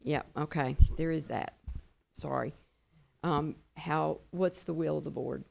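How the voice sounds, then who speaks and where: A woman's voice: low voice, unhurried, gravelly. A woman chairing a school board meeting, speaking briefly and procedurally.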